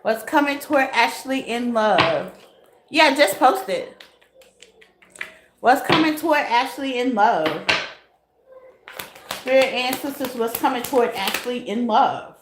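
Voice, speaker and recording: Woman, tarot reader live-streaming to chat; high voice, unhurried delivery, laughs a lot, echoey room. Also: expressive, heavy background noise. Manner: laughs often, bursts into loud high exclamations. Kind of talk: casual live tarot reading to chat viewers.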